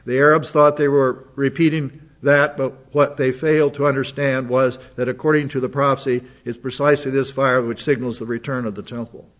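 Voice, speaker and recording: A man's voice: medium pitch, little pitch movement, a little fast, few pauses, a bit bright. Man reading news with asides, lo-fi. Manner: reads aloud with asides and restarts. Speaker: commentator reading news articles. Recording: dull lo-fi audio.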